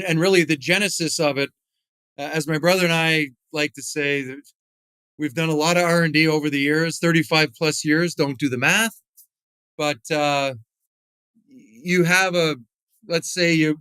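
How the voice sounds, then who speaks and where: A man's voice: on the high side, fairly bright tone, clear, resonant tone, no echo. A middle-aged man, a podcast guest, telling stories in a rambling, casual way with many fillers and restarts. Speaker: podcast guest, retired hockey player and whisky founder. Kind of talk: casual interview storytelling.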